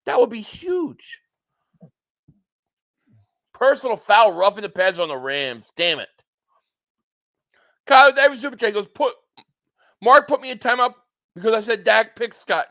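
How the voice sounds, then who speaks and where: High, bright-voiced ranting stream host. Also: male voice, unhurried, pauses often. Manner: excitable, blunt, ranting, profane. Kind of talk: live sports reaction stream, reading super chats.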